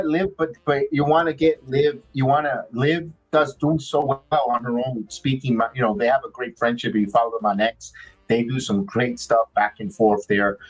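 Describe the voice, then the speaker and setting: A husky man with a mid-range voice hosts a live watch-along as a podcast host, rambling casually with halting delivery, frequent restarts, and fillers. The recording quality is low.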